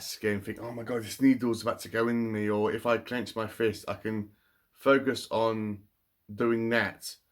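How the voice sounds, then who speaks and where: A man casually reading a children's picture book aloud, breaking off for chatty, wry asides. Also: fairly low pitch. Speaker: book reviewer.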